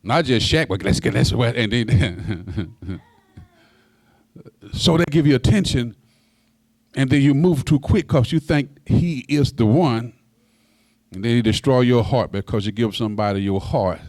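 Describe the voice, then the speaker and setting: A man in his sixties preaching a sermon as pastor, folksy and direct with the congregation, his voice climbing high on emphasis and stumbling over repeated words. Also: unhurried, long pauses, a little mellow, no echo. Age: 60s. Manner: folksy, talks straight to the congregation.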